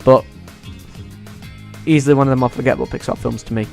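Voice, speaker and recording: A man ranking movies in a casual vlog, excitable and swearing freely. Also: medium pitch, fast, gravelly, faint music behind. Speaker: YouTuber.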